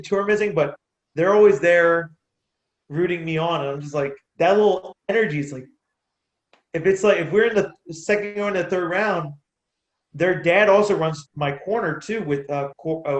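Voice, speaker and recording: A man who boxes and coaches kids, telling stories in a casual interview, laughing and restarting his sentences. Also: high voice. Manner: animated, laughs between anecdotes, restarts sentences. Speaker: amateur boxer and youth boxing coach. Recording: roomy echo.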